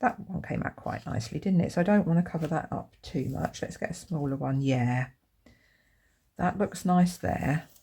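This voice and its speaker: A woman hosting a crafting video, chatting casually to camera and getting excited over her materials, with lots of tag questions. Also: sits low, normal speed, gravelly, slightly rough. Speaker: crafting channel host.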